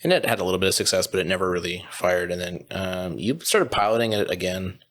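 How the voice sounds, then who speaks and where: A man from Canada, a butcher and business co-owner, telling animated anecdotes as a podcast guest, acting out the people in his stories. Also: sits low, fast talker. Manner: animated anecdotes with quoted voices and laughter. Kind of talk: casual podcast storytelling.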